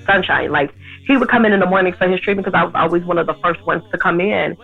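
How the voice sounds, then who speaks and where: A woman's voice: fairly low pitch, quick pace, gravelly, faint music behind. Woman telling her story, tinny line. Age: 30s. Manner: animated, acts out others' lines in her story. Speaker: interview guest. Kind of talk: personal storytelling. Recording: tinny phone-like sound.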